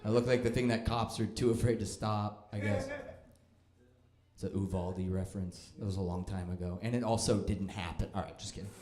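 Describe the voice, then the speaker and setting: A man's voice: fairly low pitch, fairly even intonation, a little fast, darkish tone. A young man doing a stand-up comedy set, with a dry, self-deprecating and mocking delivery. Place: comedy club stage. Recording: echoey club room.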